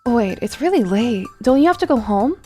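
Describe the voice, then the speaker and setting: A woman's voice: fairly high pitch, big pitch swings, moderate pace, warm tone, soft background music. A woman voicing an earnest boy gravekeeper.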